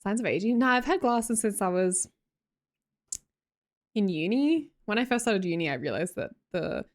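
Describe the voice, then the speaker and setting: A woman's voice: mid-range voice, expressive, normal speed. A young Australian woman live streaming, chatting casually with her viewers and reading their messages aloud. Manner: chatty, laughs often, reads chat aloud.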